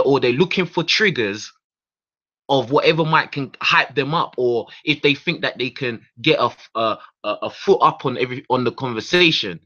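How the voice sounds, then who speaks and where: A man's voice: fairly high pitch, bright, forceful tone. A man hosting his own radio show, ranting in a heated, profane monologue full of repeated words and restarts. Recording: dull lo-fi recording.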